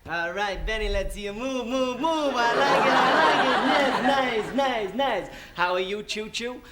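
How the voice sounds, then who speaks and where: A young man impersonating a cocky, streetwise cartoon alley cat who talks fast and brashly. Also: very high voice, animated, over a noisy crowd. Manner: brash, fast-talking, smooth. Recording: distant, roomy, loud audience noise.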